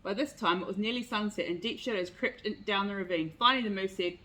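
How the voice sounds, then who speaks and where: A woman's voice: mid-range voice, fast, hardly any pauses, bright, forceful tone, slight background noise, rough recording. A woman reading a picture book aloud with expression. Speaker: storyteller.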